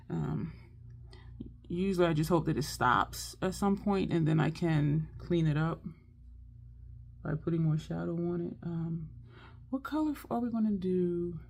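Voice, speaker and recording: A woman's voice: lowish voice, a little slow, creaky, pauses often, darkish tone. A woman doing a casual makeup tutorial, chatting and thinking aloud as she works. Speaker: makeup vlogger.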